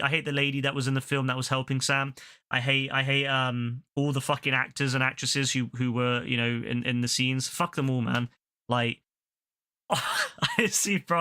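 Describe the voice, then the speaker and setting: Young man, gaming streamer; bright, sharp voice; heated profane ranting. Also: mid-range voice. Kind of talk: casual rant while gaming.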